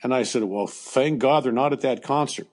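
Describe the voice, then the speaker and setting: An older American man, a former baseball coach, telling personal stories in an interview in a halting way with frequent restarts. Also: mid-range voice, a little mellow. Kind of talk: emotional storytelling interview.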